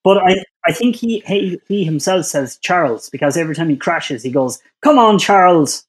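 A man's voice: a little high, moderate pace, husky. A man co-hosting a casual sports podcast, confident and teasing, with lots of "you know" fillers. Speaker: podcast co-host. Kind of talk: casual chat.

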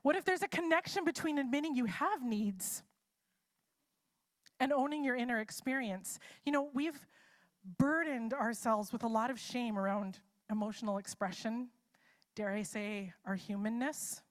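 Woman preacher, high voice, chatty sermon, lots of what-if questions. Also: normal speed. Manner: casual and chatty, full of rhetorical what-if questions. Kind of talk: conversational live sermon.

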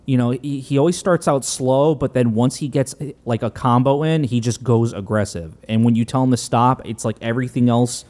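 A man's voice: medium pitch, steady tone, normal speed, few pauses, a little mellow. Guy recapping a movie on a podcast, average voice, keeps laughing, says um a lot. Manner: recaps scenes, laughs often, hesitant fillers. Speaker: podcast co-host.

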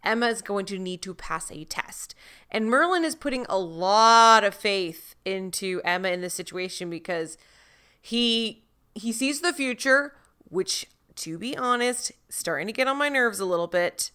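A woman co-hosts a casual recap podcast, talking through the episode in a chatty, joking way. Her voice is bright and smooth, with a clear, polished tone. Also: mid-range voice, lively intonation, a little slow. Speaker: podcast co-host.

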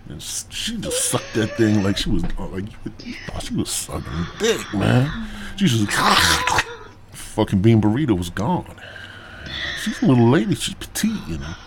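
A man's voice: medium pitch, huge pitch swings, a little slow, background noise. A man hosting a podcast, rambling through a crude, profane comic story in a stoned drawl. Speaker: podcast host.

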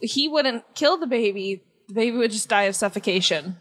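A woman's voice: fairly high pitch, animated, moderate pace. A woman playing a tabletop game in a joking, playful way. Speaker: player. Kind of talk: casual tabletop play.

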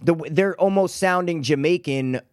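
A man's voice: on the high side, normal speed, no room sound, clean studio sound. A man co-hosting a podcast in casual chat, laid-back, calling his friend dude and bro. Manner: laid-back, says "dude" and "bro", breaks into improvised singing. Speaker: podcast co-host.

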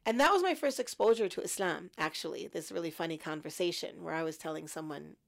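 A woman in her fifties recounting her story as an interview guest, reflective and lively when quoting her past thoughts. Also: on the low side, quick pace, creaky. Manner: reflective, animated in quoted thoughts.

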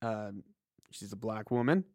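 A man's voice: on the low side, measured pace, warm tone, dry recording, studio quality. A man co-hosting a podcast, chatting casually about a video game, rambling and restarting his sentences. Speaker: podcast co-host.

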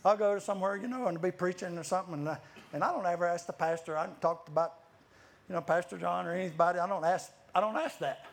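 A man's voice: high voice, fast talker, gravelly. A man preaching a sermon, telling stories with many restarts and frequent laughter. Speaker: guest preacher. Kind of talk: lively sermon storytelling.

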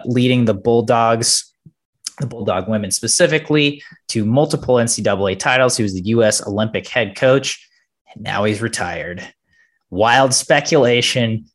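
Young male podcast host, easygoing and self-mocking, quick to laugh. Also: fairly low pitch. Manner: self-deprecating, laughs often. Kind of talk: casual podcast chat.

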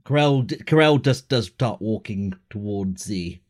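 A man playing in a tabletop role-play, describing his character's actions and asking questions deliberately. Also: lowish voice, expressive. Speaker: player.

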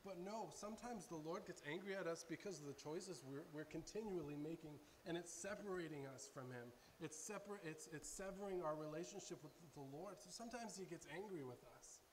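A man's voice: fairly high pitch, brisk, hardly any pauses. A man preaching a sermon in an earnest way, often restarting and repeating his words. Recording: faint hum in a long-reverb hall.

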